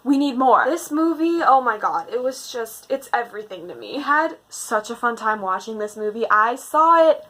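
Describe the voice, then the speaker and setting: A woman's voice: a little high, moderate pace, few pauses, low-quality recording. Gushing young woman ranking movies. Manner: gushing, animated, rambling with fillers. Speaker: book video host. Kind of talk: casual movie ranking chat.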